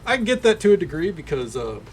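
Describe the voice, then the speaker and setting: A man's voice: fairly high pitch, very animated, fast talker, a little hiss or hum. A man with a faint Tennessee Southern accent, chatting casually with viewers while he games, rambling in an easygoing way full of fillers. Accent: light Tennessee Southern drawl. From Tennessee, USA. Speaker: streamer.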